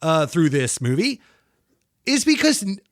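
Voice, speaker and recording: A man's voice: fairly high pitch, sing-song, a little slow, dry recording, studio quality. A man co-hosting a film podcast who talks with enthusiasm and swears freely. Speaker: podcast co-host. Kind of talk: casual film review chat.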